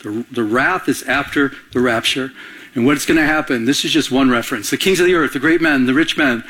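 A man's voice: mid-range voice, a little fast, bright, forceful tone. A middle-aged male pastor preaching a conversational sermon, firing off rhetorical questions and calling on the congregation to answer.

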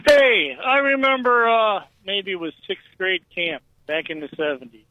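Man, fifties, radio caller, rambling storyteller, stumbling phrasing, high voice, dry dull line. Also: moderate pace, no echo. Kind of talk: phone-in call.

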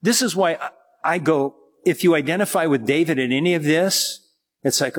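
Husky-voiced preacher in an echoing hall. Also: male voice, mid-range voice, normal speed. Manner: conversational preaching with frequent restarts. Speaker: pastor. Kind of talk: sermon.

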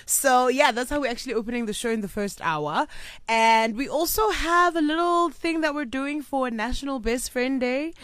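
A woman's voice: high-pitched, normal speed, fairly bright tone, smooth, no room sound. A woman radio presenter chatting playfully on air and laughing often. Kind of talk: casual radio chat. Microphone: studio microphone.

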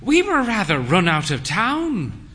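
A man reading a story aloud, voicing a frail, proud elderly woman in furs with a high, quavering, dramatic voice. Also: huge pitch swings, unhurried, sharp tone, heavily acted.

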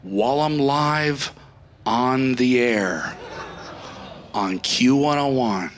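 A man's voice: medium pitch, drawn-out words. A man doing stand-up, telling a story in a profane, exasperated rant. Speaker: comedian. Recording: roomy echo.

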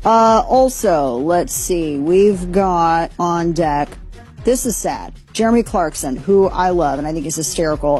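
A woman's voice: lowish voice, mellow. A woman talk show host, giving a casual, rambling rundown of news stories with lots of fillers.

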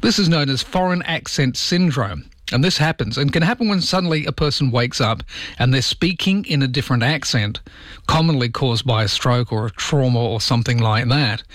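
A man's voice: mid-range voice, animated, normal speed, a bit bright, dry recording, clean studio sound. A man hosting a radio show, chatting casually and keeping asking his listeners rhetorical questions. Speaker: radio host. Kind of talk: casual talk radio chat. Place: radio studio. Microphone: studio microphone.

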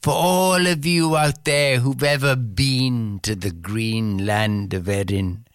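A man reciting verse slowly and dramatically, sometimes dropping to a whisper. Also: medium pitch, fairly even intonation, clean tone, no room sound, clean studio sound. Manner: intense, declamatory, with sudden whispered passages. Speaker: poetry reciter. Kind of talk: slow dramatic poetry recitation.

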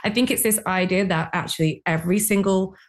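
A woman of mid pitch jumps eagerly into a casual podcast talk. She works through her ideas out loud, often hedging and going back over her words. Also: fairly even intonation, fairly quick. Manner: eager, apologetic, thinks aloud. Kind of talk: casual discussion.

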